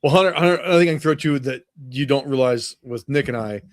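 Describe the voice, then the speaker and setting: A man co-hosting a podcast in casual chat, animated and profane, with tumbling phrases. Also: mid-range voice, fast, no room sound, studio quality. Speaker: podcast co-host.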